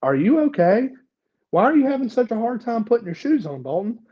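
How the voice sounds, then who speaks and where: A man's voice: extremely high pitch, very animated, fairly quick, dull audio, voice pushed up. A man voicing his fed-up, blunt middle-aged mother, who swears freely, in a retold story. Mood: worried. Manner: blunt, profane.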